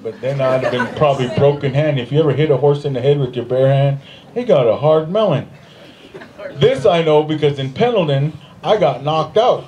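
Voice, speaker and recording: A man doing stand-up comedy, telling a long story on stage and jumping into high, put-on voices for the other people in it. He laughs often at his own jokes. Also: warm tone, rough recording. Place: stage in front of a live audience.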